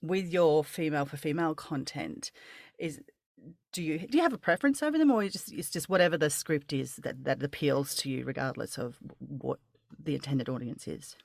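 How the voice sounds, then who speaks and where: A woman's voice: low voice, a little fast, creaky, no room sound, clean studio sound. A woman hosting a casual interview, chatty and rambling, with many restarts and laughs. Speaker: podcast host.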